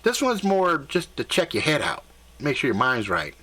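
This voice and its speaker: A man voicing a casual, reassuring male alien elf guide who explains things quickly and easily. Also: a little high, wildly swooping pitch, sharp tone, exaggerated voice. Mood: easygoing. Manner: casual, easygoing, fast explaining.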